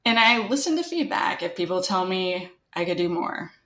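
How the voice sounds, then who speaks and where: A woman with a noticeably strong Canadian accent chats away as an interview guest. Her voice sits a little low, and she keeps her talk loose and friendly, full of "like" and "right?". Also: animated, normal speed, pushed and bright, reverberant. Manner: chatty, upbeat, full of "like" and "right?". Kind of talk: casual interview conversation.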